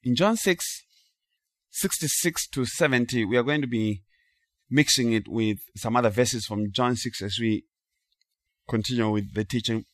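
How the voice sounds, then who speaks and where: A man preaching a sermon in an emphatic, rhythmic way with dramatic pauses. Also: medium pitch, fairly bright tone, no room sound, clean studio sound.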